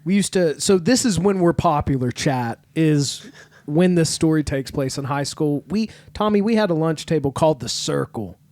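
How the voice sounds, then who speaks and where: A young adult tells a school story to friends, often laughing and mimicking people. The voice swings widely in pitch, recorded close and dry with no room sound. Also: lively intonation, moderate pace, darkish tone, no room sound. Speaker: podcast co-host. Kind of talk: casual chat among friends.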